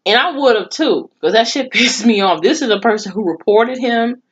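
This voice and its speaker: A woman's voice: on the high side, moderate pace, breathy edge. Woman ranting in a casual recap. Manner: profane, animated, indignant storytelling. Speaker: TV show reviewer. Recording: slightly dull lo-fi audio.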